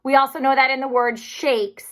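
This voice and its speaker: A woman teacher giving a recorded spelling lesson to young children, speaking slowly and clearly in an encouraging way. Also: high-pitched, steady tone, fairly bright tone.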